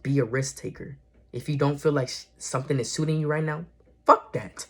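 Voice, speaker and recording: A man's voice: fairly high pitch, fairly even intonation, fast talker. A young man vlogging casual spiritual encouragement, earnest and slangy, often repeating and correcting himself. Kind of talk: casual motivational talk to camera.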